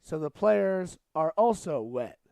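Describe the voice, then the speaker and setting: A young man giving casual, jokey play-by-play commentary on a school rugby match, now and then shouting at big plays. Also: fairly high pitch, big pitch swings, slow, gravelly, no echo.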